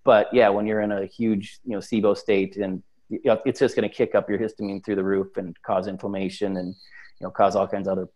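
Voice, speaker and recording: A man's voice: lowish voice, little pitch movement, brisk, a little mellow. A man speaking as an interview guest in casual chat, talkative and full of fillers. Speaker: supplement company guest.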